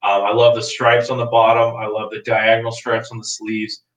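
A man co-hosting a casual sports chat, playful and quick with exaggerated mock-shocked reactions. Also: fairly low pitch, monotone, fairly bright tone. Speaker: podcast co-host. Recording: roomy, distant from the mic.

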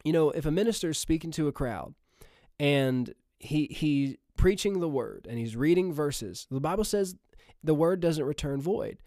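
A man's voice: fairly high pitch, animated, moderate pace, dark tone, no room sound. Emphatic male preacher, dry sound. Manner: emphatic, repeats phrases, calls out to listeners. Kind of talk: sermon.

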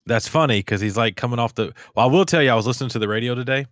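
A man's voice: medium pitch, racing, fairly bright tone, no echo, studio quality. A man hosting a podcast, chatting casually, rambling and laughing easily. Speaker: podcast host. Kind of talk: casual chat.

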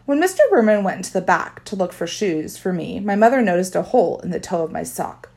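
A woman's voice: lowish voice, expressive, fairly quick, creaky, darkish tone. A woman narrating a children's story in first person with a wry tone. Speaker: audiobook narrator.

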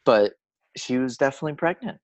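A man co-hosting a podcast, chatting casually and telling rambling stories with halting restarts. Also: medium pitch, expressive, dry recording. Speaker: podcast co-host. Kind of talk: casual chat.

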